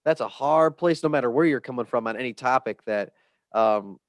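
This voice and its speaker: A man hosting a podcast, talking in an earnest, rambling way that turns animated. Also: medium pitch, moderate pace, no echo. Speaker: podcast host. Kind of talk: casual conversation.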